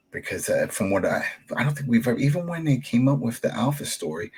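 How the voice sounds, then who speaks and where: A man's voice: low-pitched, slightly rough, low-quality recording. A man co-hosting a podcast, casually recapping a TV episode in a rambling way. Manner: rambling, retells scenes with acted-out quotes. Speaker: podcast co-host.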